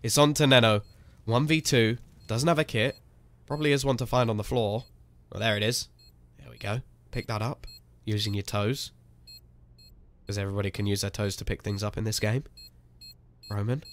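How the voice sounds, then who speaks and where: Solo on a competitive shooter match, an esports caster gives live play-by-play in a fairly low voice at a moderate pace, pausing often. His excitement spikes suddenly during plays, and between rounds he chats with viewers. Game gunfire and clicks sound behind him.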